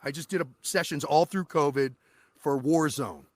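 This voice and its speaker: A man guesting on an interview podcast, a voice actor telling animated, profane stories about his work. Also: a little high, normal speed, no echo. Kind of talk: casual interview chat.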